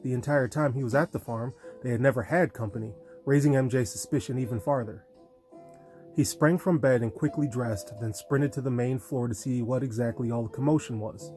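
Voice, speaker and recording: A man reading a novel aloud in steady storytelling narration. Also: medium pitch. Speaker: audiobook narrator. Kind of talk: scripted narration.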